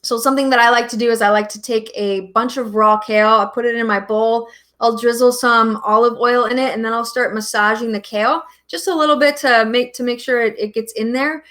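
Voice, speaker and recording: A woman's voice: a little high, fairly bright tone. A woman doctor giving health advice in a casual, conversational way, with frequent ums and restarts. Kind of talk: casual explanatory talk.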